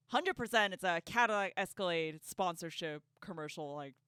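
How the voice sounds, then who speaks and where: A woman giving casual reaction commentary, sarcastic and quick to laugh, stumbling over repeated words as she rants. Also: medium pitch, fairly bright tone, clear, resonant tone, no room sound, studio quality. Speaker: online commentator.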